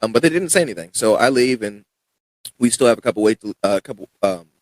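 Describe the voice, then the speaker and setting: A man's voice: mid-range voice, expressive, quick pace, dry recording, low-quality recording. A young man, a fighter guest on a podcast, telling a story in a casual, rambling way with many restarts and acted-out quotes. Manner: rambling, frequent restarts and fillers, acts out quoted dialogue.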